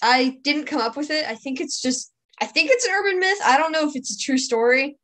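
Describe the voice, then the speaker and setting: Woman, workshop participant, higher voice, nervous and apologetic, video call. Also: a little fast, fairly bright tone. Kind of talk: presenting her comic.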